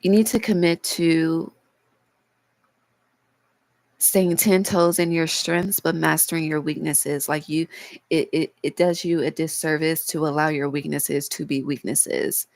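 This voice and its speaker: A woman reads tarot in a casual, heartfelt way, talking straight to her viewers and swearing freely. She is holding back tears, so her voice cracks now and then. Her voice sits very low and has a heavy gravelly fry. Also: flat delivery, a little slow, a little mellow, no room sound, poor audio. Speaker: tarot reader. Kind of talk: casual tarot reading vlog.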